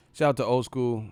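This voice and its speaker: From a streaming setup with several cameras, a man hosts a live chat in a smooth, slightly mellow voice of medium pitch, with no room sound. He's relaxed and profane, cracking jokes and laughing frequently.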